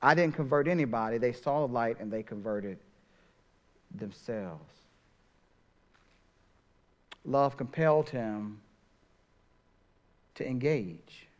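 A middle-aged man preaching a sermon as pastor, swinging from soft, drawn-out phrases to loud, emphatic ones. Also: fairly low pitch, lo-fi sound.

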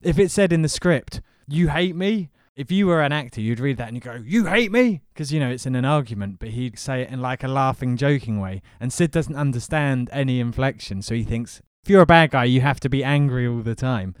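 A man co-hosting a podcast in a smooth, clear voice with a dry, close sound. He chats casually and jokes as he talks. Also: medium pitch, fairly quick, hardly any pauses, no room sound. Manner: joking, riffing on wrestling promos. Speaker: podcast co-host. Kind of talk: casual chat.

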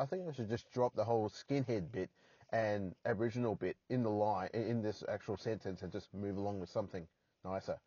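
Husky Australian guy rambling in his car. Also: mid-range voice, darkish tone, dry recording, muffled recording. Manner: rambling, self-mocking, crude jokes. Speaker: podcast host. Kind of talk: solo rambling podcast chat. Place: parked car.

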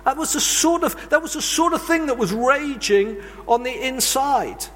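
A man's voice: extremely high pitch, normal speed, a bit bright. A man preaching a sermon, telling earnest, confessional stories from his own life. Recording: long reverb of a large hall.

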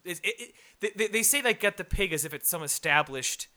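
A man's voice: sits high, animated, fairly quick, bright, forceful tone. A man co-hosting a casual movie review chat, rambling and profane with lots of fillers. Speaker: podcast co-host.

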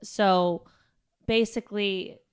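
A woman's voice: medium pitch, steady tone, clear, resonant tone. Chatty woman explaining an improv game. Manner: chatty, profane, quick. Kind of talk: casual improv comedy chat.

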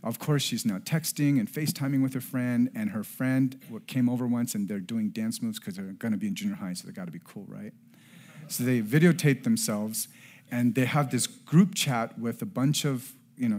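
A man in his forties preaching a sermon, dropping to soft near-whispers and then rising to emphatic passages, and telling a family story with acted-out dialogue. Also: medium pitch. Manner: swings between hushed near-whispers and raised emphatic passages. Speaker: pastor.

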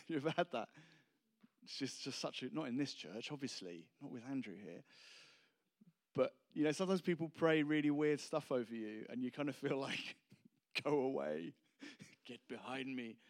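Preacher guy, chatty and self-mocking, laughs a lot, mid-pitched. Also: animated, normal speed. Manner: rambling, self-deprecating, laughs between anecdotes. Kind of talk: casual humorous sermon.

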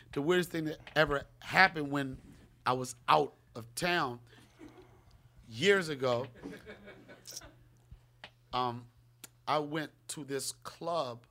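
A man's voice: mid-range voice, slow, long pauses, pushed and bright, a little hiss or hum. Slangy, profane man on a podcast. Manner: slangy, profane, laughing storyteller. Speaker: comedian co-host. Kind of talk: casual podcast chat.

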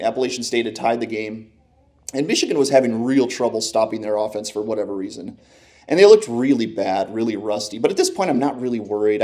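A man recounts a story from the stands with an animated, conversational delivery. He slips into quoting his own reactions, jumping up and down in pitch and loudness as the tension builds. His voice sits at an ordinary middle pitch for a man. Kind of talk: personal sports anecdote.

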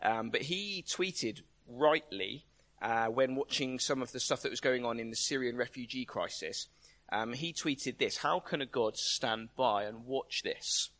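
Bright-voiced man preaching. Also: medium pitch, unhurried. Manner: conversational, emphatic, rhetorical questions. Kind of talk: sermon.

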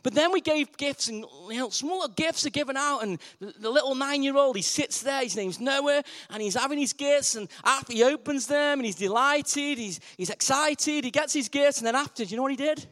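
A man preaching a lively sermon, asking the congregation questions and repeating his key words for emphasis. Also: very high voice, brisk, few pauses. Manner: call-and-response questions, emphatic repetition.

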